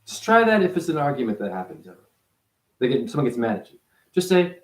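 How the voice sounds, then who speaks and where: A man giving a rambling, profane spiritual monologue as a self-styled teacher, his voice jumping up and down in pitch. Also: big pitch swings, fast. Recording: echoey room.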